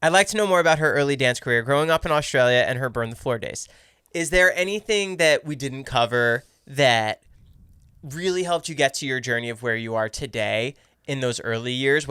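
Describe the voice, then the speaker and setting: Host: male, bright and clear, quick casual questions, dry close sound. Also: medium pitch, no room sound. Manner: short friendly questions. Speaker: podcast host.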